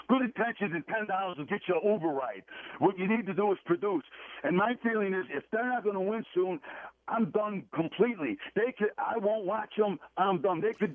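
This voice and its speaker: A man's voice: sits high, dry recording. A man calling in to a sports radio show, ranting in a frustrated, emphatic, repetitive way. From Chicago. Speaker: caller. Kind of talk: call-in rant on sports radio. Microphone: phone. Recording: tinny phone line.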